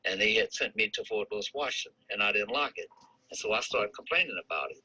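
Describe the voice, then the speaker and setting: An old army veteran in his eighties, from St. Louis, tells his life story in an interview. His voice is husky and strikingly bright and edgy, and he rambles, restarting sentences and chuckling now and then. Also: lowish voice, expressive, fast talker, rough recording. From St. Louis, United States. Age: 80s. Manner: chuckles while recalling.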